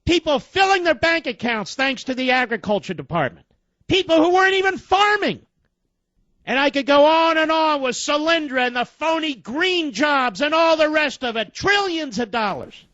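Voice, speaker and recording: High-voiced indignant man on talk radio. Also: very animated, moderate pace, sharp tone, no echo, muffled recording. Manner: indignant, emphatic, rhetorical questions.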